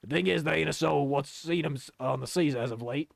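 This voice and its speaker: A man voicing a rough-spoken sailor deckhand while playing a video game. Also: fairly high pitch, a little fast, dry recording. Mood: eager.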